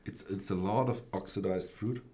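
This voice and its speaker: A man's voice: lowish voice, fairly even intonation, normal speed, warm tone. A man co-hosting a live whisky tasting, joking and chatting. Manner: joking, laughing easily. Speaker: co-host. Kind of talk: live-stream tasting chat.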